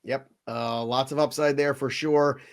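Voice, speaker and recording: A man hosting a casual sports podcast, animated and given to mock outrage. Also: mid-range voice, a little slow. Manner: animated, mock-outraged when picks are taken. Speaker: podcast host running a mock draft.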